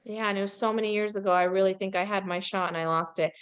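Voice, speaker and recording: A woman's voice: mid-range voice, steady tone, fast talker, clear, resonant tone. A woman hosting a podcast, chatting casually and animatedly about pop culture, with plenty of gossip and giggles. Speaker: podcast host.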